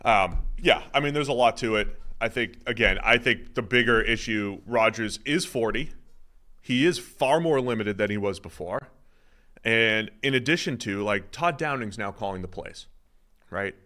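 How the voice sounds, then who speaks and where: A man's voice: fairly low pitch, normal speed. A man co-hosting a sports podcast, chatting casually and animatedly, sometimes mocking other pundits. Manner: animated, mocking impressions of radio hosts. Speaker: podcast co-host.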